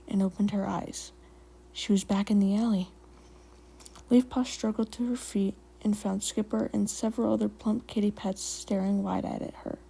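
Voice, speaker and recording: Woman, relaxed story reader and host, fairly high, gravelly fry, self-deprecating chat. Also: rough recording. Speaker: fan fiction reader and channel host. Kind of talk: storytelling narration and casual sign-off.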